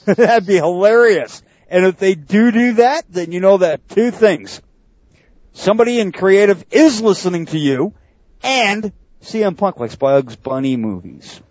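A man's voice: high voice, lively intonation, measured pace, a little mellow, no echo. A man hosting a podcast in casual chat, laughing often and tripping over his words. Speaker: podcast host. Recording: dry, dull lo-fi mic.

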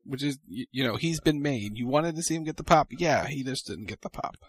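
An easygoing man recapping wrestling backstage moments on a podcast. His sound is dry and close, with no room around it. He talks along agreeably, tossing in quick asides. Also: medium pitch, animated, slightly rough, dry recording. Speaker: podcast co-host. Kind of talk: casual wrestling recap chat.

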